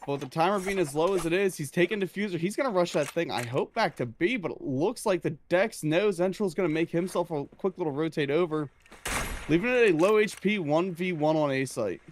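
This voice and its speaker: A man's voice: on the high side, brisk, slight background noise. A man giving laid-back, analytical color commentary on an esports match. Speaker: esports co-caster.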